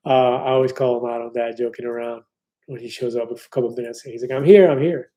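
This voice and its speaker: A man's voice: medium pitch, monotone, fairly quick, dark tone. A man in his fifties hosting a casual live stream, reading viewer comments aloud in an upbeat, chatty way with many fillers and restarts. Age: 50s.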